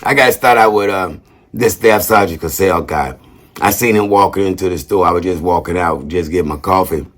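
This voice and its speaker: A man's voice: deep voice, fairly quick, a bit bright. A man casually talking to camera as a vlogger, upbeat and rambling, with lots of slang and a habit of tacking "man" onto his sentences. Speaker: vlogger shouting out veterans.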